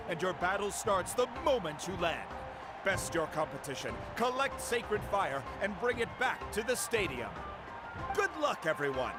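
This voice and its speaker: A man voicing an upbeat tournament commentator who talks in a showy, announcer-like way. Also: sits high. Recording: game audio with music.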